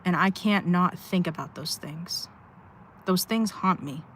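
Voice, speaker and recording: A woman's voice: on the low side, unhurried, fairly bright tone, slight background noise. A woman livestreaming from inside her car at a rest stop, venting candidly and rambling with sighs. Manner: rambling, sighing, heartfelt venting. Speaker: live streamer.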